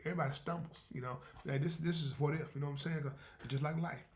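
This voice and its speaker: A man's voice: on the high side, steady tone, fast talker, a little hiss or hum. An older man hosting a podcast, telling a story casually and animatedly, repeating phrases for emphasis. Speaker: podcast host.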